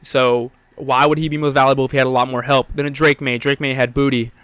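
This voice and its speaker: A man's voice: medium pitch, level tone, fast, a bit bright, clear, resonant tone, no echo. A young man hosting a solo sports podcast, out of breath, rambling with lots of fillers and blunt, profane opinions. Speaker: podcast host.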